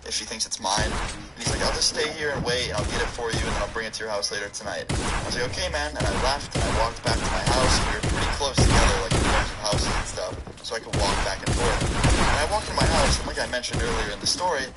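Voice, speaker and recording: A man's voice: medium pitch, fast, loud music behind the voice, rough recording. A young man casually telling a personal story for his video channel, rambling and swearing, with lots of "like" fillers. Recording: loud background noise.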